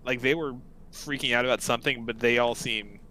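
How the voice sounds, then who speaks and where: A man's voice: mid-range voice, fairly even intonation, brisk, bright, forceful tone, a little hiss or hum, low-quality recording. A man narrating as game master in a tabletop game, in a loose, casual way.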